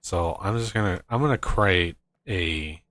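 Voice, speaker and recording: A man's voice: sits low, a little slow, fairly bright tone, no echo, studio quality. A man streaming a game, talking to himself in exasperation as he plans his factory. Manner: exasperated, muttering to himself while building. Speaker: gaming streamer. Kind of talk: casual gameplay commentary.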